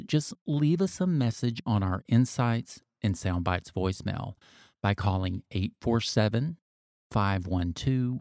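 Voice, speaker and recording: Man, podcast host, low voice, gravelly, dark tone, faint music behind. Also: no echo, studio quality. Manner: measured, announcer-like. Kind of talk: scripted podcast hosting.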